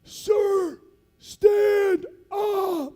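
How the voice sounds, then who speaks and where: A man voicing a gruff, teasing male master sergeant who barks orders at a jumper and laughs at him. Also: extremely high pitch, takes it slowly, mellow, long reverb tail, faint music behind, pitched above the performer's own voice. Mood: commanding. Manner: barking orders, mocking and laughing.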